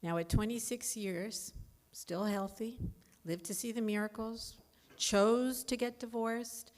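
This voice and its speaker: A woman in her fifties giving a candid, animated personal talk as a speaker at a recovery meeting. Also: a little high, takes it slowly. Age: 50s.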